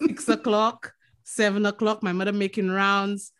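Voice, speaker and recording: Woman, Saint Lucian accent, casual podcast chat, lively storytelling, frequent laughter, mid-range voice. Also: mid-range voice, slow. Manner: lively storyteller, laughs often, swears freely. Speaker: podcast co-host.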